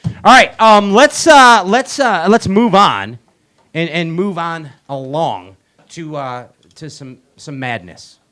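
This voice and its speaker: A male host with a high voice that leaps all over the place, bright and sharp in tone. He jokes around with his guests and hypes the crowd up in an excitable, announcer-style way at a live event in a bar. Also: slow pace. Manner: excitable, joking, hype-man announcing. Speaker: show host. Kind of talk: live show banter. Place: bar venue with live audience.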